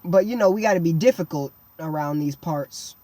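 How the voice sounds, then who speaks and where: A woman's voice: low-pitched, moderate pace, mellow. A woman telling a comedic storytime monologue in a slangy, dramatic way, breaking into exaggerated yelps.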